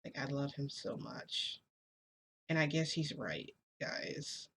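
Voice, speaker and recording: A woman's voice: low voice, expressive, slow pace, a bit bright, slight background noise. A woman vlogger telling a personal story in casual chat, rambling with lots of fillers and restarts.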